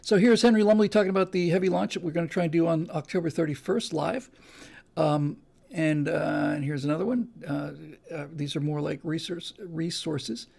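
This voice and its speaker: Gravelly, husky man talking emphatically. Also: fairly high pitch, fairly even intonation, normal speed, a little mellow. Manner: emphatic, with frequent restarts. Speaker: podcast host. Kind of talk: casual monologue.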